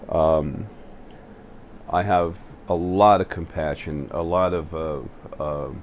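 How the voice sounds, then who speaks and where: A man hosting his own spiritual video channel, talking to the camera in a halting way, full of fillers and restarts. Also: sits low, steady tone, slight background noise. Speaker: channel host. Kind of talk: spiritual vlog monologue. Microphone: facing the camera.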